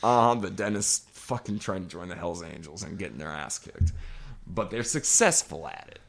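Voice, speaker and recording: Man ranting and swearing on a podcast, lively pitch. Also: normal speed, creaky. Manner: emphatic, swears constantly. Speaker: podcast co-host. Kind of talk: profane casual podcast rant.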